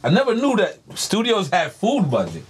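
A man guest telling stories in a casual interview, animated and swearing freely. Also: sits high, moderate pace, slight background noise. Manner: animated, swears freely, acts out others' lines in voices.

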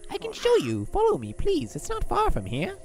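A woman's voice: very high voice, huge pitch swings, normal speed, a little mellow, soft background music, heavily acted. A woman voicing a polite, frail old male rat who speaks courteously and apologetically, in a game playthrough. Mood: courtly.

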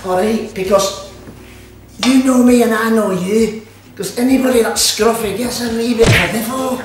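A man's voice: extremely high pitch, moderate pace, background noise. A man with a Scottish accent hosting a casual cooking demonstration, chatty and sprinkling his talk with "all right" and "aye". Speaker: cooking show host. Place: kitchen at an activity centre. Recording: echoey room, mic far off, music behind.

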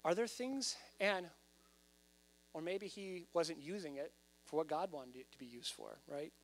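A male pastor preaches to his church in a conversational but animated way. He often pushes his voice up to loud, emphatic peaks. A faint mains hum sits under the recording. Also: fairly high pitch, a little slow. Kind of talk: sermon.

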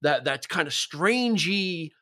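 A man's voice: fairly high pitch, animated, slow pace, pushed and bright. A man co-hosting a music podcast in casual chat, talkative and enthusiastic, often restarting his sentences. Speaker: podcast co-host.

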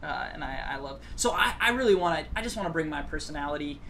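A man's voice: a little high, expressive, fast talker, bright, forceful tone, a little hiss or hum. A man guesting on a podcast, a board game blogger with a dry, sarcastic sense of humor who talks in loose, filler-heavy phrases. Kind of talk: casual podcast chat.

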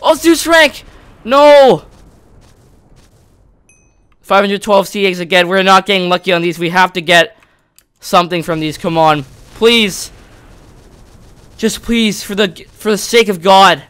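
A young man from Canada casually commentating his own gameplay, excitable and yelling at near misses. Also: high voice, normal speed, clear, resonant tone. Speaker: gaming YouTuber.

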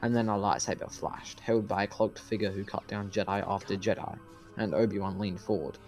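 A man hosting his own channel, chatting casually with fillers before reading a novel aloud in a steady audiobook style. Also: lowish voice, a little fast, faint music behind. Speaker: channel host and narrator.

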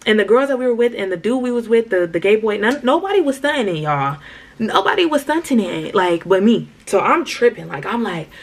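A young vlogger with a medium-pitched voice talks a little fast in a storytime vlog, speaking straight to her viewers. Her storytelling is animated and slangy, and she addresses them as "y'all."

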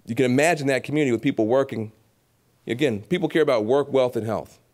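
A man giving a lively public speech at a gala, animated and preacherly, acting out voices and repeating phrases for emphasis. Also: medium pitch, quick pace. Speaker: keynote speaker at an awards gala.

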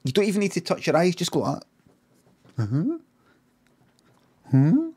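A middle-aged man with a Scottish accent spins an improvised comic yarn. His delivery is deadpan and meandering, full of casual swearing and sudden tangents. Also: on the high side, brisk, breathy edge. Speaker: streamer.

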